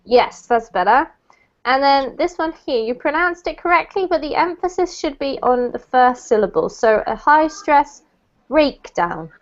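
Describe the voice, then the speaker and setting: Woman, English teacher, patient explanations, high-ish voice, muffled call audio. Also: expressive, normal speed. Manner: patient, explains pronunciation step by step. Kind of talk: online language lesson.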